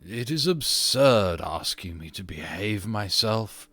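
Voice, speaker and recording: A man voicing a petulant, haughty aristocratic ghost of an English nobleman in an audiobook reading, often drawing his words out slowly. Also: on the low side, animated, sharp tone, no room sound, heavily acted. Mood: indignant.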